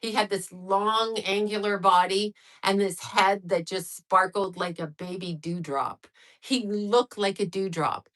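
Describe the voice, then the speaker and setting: A woman's voice: medium pitch, fairly even intonation, unhurried, fairly bright tone. Casting: middle-aged woman, livestream host, loose rambling chat, answers comments. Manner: chatty, rambling, reacts to viewer comments.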